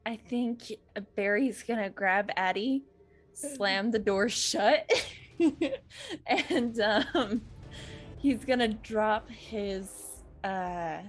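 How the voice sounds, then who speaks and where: A woman playing a tabletop role-playing game, describing her character's actions in an unhurried, chatty way. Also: mid-range voice, soft background music. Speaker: player.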